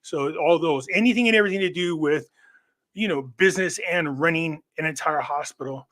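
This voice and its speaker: A man's voice: on the high side, fairly quick, a bit bright. A man who is a guest on a live online show, telling long stories in a rambling way and often restarting his sentences. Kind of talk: casual chat.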